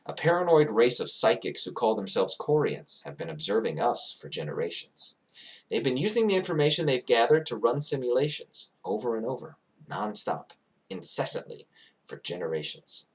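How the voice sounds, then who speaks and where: A man's voice: mid-range voice, big pitch swings, normal speed. A man narrating a fantasy world in character as its guide, grandiose and digressive, swelling at times into emotional peaks.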